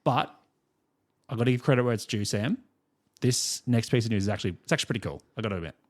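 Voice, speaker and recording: An Australian man co-hosts a music podcast, chatting casually and spinning rambling stories full of fillers and laughter. His medium-pitched voice moves fast with lively intonation.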